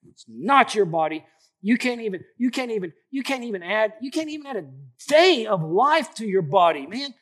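A man in his late forties preaching a sermon, lively and colloquial, often repeating emphatic phrases. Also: high-pitched, normal speed. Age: 40s. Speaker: pastor.

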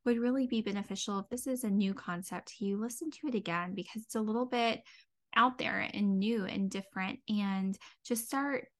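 A woman with a medium-pitched voice and a moderate pace hosts a heartfelt solo podcast as a dietitian and mindset coach. She speaks earnestly, filling her speech with "um" and "you know", and she is tearing up, near crying.

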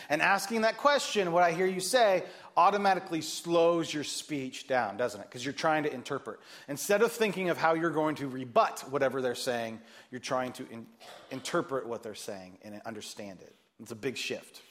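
A man preaching a sermon as pastor, animated and joking, acting out the voices he quotes. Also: fairly high pitch, normal speed.

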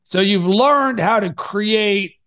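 A man hosting a podcast and coaching his guest, energetic, swinging between loud and soft to make his points. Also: sits high, takes it slowly. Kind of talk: coaching conversation.

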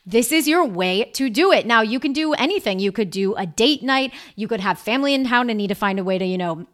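Woman host, 30s, chatty and playful, bright higher register. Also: expressive, fast, few pauses. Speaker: podcast host. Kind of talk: casual chat. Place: New York City.

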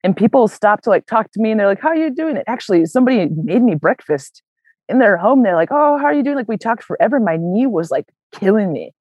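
A young adult woman telling a hiking story as an interview guest, animated and casual, full of "like" and "man". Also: medium pitch, quick pace, slightly rough, dry recording, highs cut off. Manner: animated, many fillers like "like" and "man", acts out quoted voices. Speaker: interview guest, long-distance hiker.

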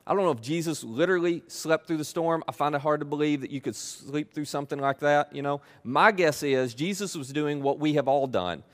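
Guy preaching a sermon, chatty and lively, kinda higher voice, acts out the quotes. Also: brisk, hardly any pauses. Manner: conversational, animated, acts out quoted pleas. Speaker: pastor.

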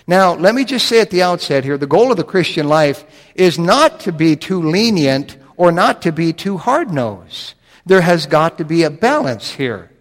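A man preaching a sermon in a reverberant church, his voice sitting a little high for a man. He tells stories with earnest conviction and slows into a low, deliberate delivery whenever he reads scripture.

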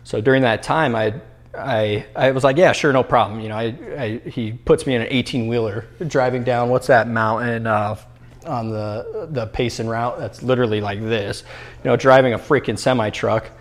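Young guy on a podcast telling a story, animated, does little voices for quotes, lots of um and you know, middle pitched. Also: moderate pace. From New Mexico, US. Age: 20s. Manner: lively storyteller who acts out quotes, with many fillers and restarts. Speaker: entrepreneur guest.

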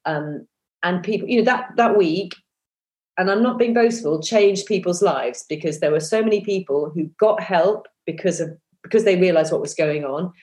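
A woman's voice: lowish voice, normal speed, darkish tone. A woman in her fifties, a former breakfast TV presenter, chatting as a podcast guest with lots of fillers and restarts. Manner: chatty, self-deprecating, many fillers and restarts. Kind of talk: casual interview chat.

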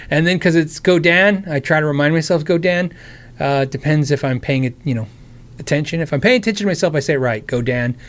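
An American man hosts a casual live stream, answering chat questions about guitars in a friendly, rambling way full of restarts and asides. His voice is a little high and sounds tired and worn, and he talks fairly quickly.

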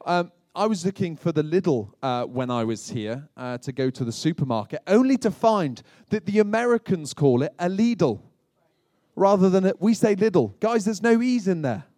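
A man's voice: high-pitched, big pitch swings, moderate pace, hardly any pauses, a little mellow, no room sound, studio quality. A British man preaching as a pastor, telling light humorous stories with chatty asides to his congregation. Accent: British English. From Britain. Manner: chatty, self-deprecating storytelling with asides to the congregation. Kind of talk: humorous sermon.

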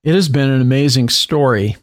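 Man, author guest, conversational storytelling, mid pitch. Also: brisk. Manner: animated retelling with acted quotes and laughs.

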